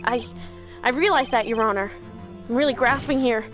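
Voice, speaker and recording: A woman's voice: on the high side, normal speed, over music, lightly acted. A woman voicing a flustered young male defense lawyer who stammers and raises his voice in a panic.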